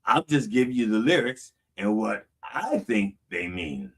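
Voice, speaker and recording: A man's voice: fairly low pitch, very animated, unhurried, recorded from a distance. A man preaching a casual sermon, reading song lyrics aloud and explaining them with frequent "okay?" checks. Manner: conversational, reads lyrics aloud then unpacks them. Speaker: pastor.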